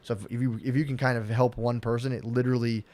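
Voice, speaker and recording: Fast-talking rambling profane man. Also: medium pitch. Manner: rambling, profane, animated storytelling. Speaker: podcast co-host. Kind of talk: casual podcast chat.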